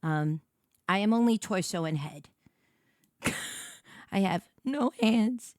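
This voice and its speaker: A woman's voice: medium pitch, animated, slow pace, a little mellow, dry recording. A woman livestreamer chatting casually with her viewers, giggly and rambling, on a close desk microphone. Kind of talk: casual stream chat.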